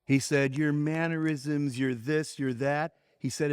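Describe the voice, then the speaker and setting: Guy preaching at a conference, kinda high voice, storytelling vibe, dry close sound. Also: a little slow, few pauses, smooth, dry recording. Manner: animated storyteller, voice drops low for serious points. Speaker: conference speaker. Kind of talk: conversational sermon with storytelling.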